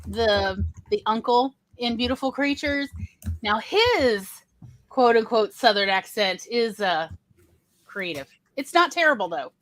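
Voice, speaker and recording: A woman co-hosting a casual chat, telling stories in a chatty, animated way. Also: fairly high pitch, unhurried. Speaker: podcast co-host.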